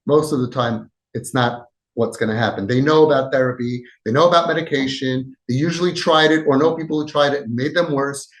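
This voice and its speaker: A man hosting a parenting podcast, giving impassioned advice with shifts between loud and soft and acting out quoted lines. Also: medium pitch, fairly quick, hardly any pauses. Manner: emphatic, acts out quoted dialogue, swings between loud and soft. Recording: echoey room.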